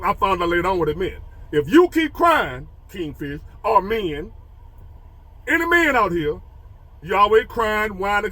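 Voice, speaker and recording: A man with a high voice that swings all over as he talks. His tone is bright and sharp. He tells a story and preaches advice to other men, hammering key phrases again and again. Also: no echo. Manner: animated, preachy, repeats phrases for emphasis. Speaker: motivational storyteller.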